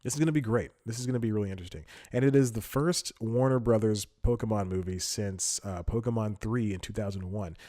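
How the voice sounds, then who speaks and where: Chatty, laughing man with a low voice. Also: quick pace, few pauses, mellow. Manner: chatty, laughs often, thinks aloud. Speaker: podcast host. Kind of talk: casual solo commentary.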